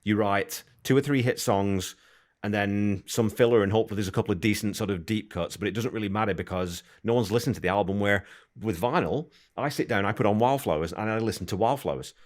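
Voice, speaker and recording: Lower-voiced guy hosting a podcast, eager and chatty, kinda thinks out loud. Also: fairly quick. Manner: enthusiastic, conversational, thinks aloud. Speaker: podcast host. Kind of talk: casual interview chat.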